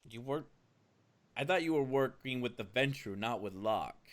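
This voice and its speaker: A man's voice: mid-range voice, expressive, normal speed. A man playing a tabletop role-play game, talking in a casual, profane way. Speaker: player.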